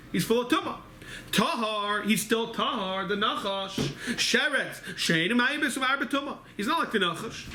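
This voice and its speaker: High, sharp-voiced man teaching in an echoey hall. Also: slight background noise. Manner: rapid, quizzing himself with questions. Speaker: Talmud class teacher. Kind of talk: Talmud study lecture. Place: synagogue study hall.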